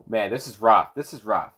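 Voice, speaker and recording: A man's voice: lowish voice, bright, forceful tone, husky. A tipsy man giving sarcastic, profanity-laced live commentary while watching a movie, breaking into whooping laughs. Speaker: movie reviewer.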